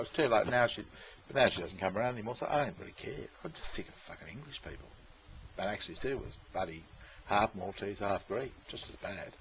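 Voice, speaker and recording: A man in his sixties rambles through a casual chat, swearing freely and breaking into chuckles. His voice sits low. The recording is dull and lo-fi, with a faint hiss behind him. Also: fairly bright tone. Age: 60s. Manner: rambling, profane, chuckling often.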